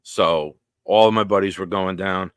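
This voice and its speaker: A man hosting a casual live-stream chat, telling stories and acting out other people's lines loudly. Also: low-pitched, normal speed, clear, resonant tone, no echo, clean studio sound. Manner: animated storyteller, acts out quotes loudly. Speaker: podcast host.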